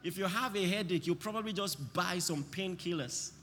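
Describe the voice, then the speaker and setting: A man preaching a sermon, impassioned, breaking into shouts and having the congregation repeat lines after him. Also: high-pitched, moderate pace, long reverb tail, slight background noise.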